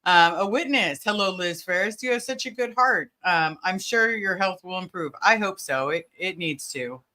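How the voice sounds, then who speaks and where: A woman's voice: lowish voice, expressive, moderate pace, pushed and bright. A woman hosting a casual livestream, greeting viewers by name and talking with many fillers. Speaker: livestream host.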